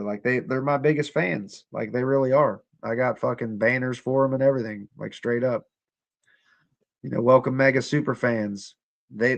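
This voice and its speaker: A young man hosting a casual livestream, sarcastic and profane, talking straight to his chat. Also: mid-range voice. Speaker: livestream host.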